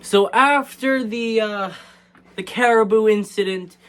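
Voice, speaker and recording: A man's voice: high-pitched, measured pace, a bit bright. A man casually recapping a movie in a rambling, joking way, with frequent hesitations and fillers. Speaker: movie reviewer.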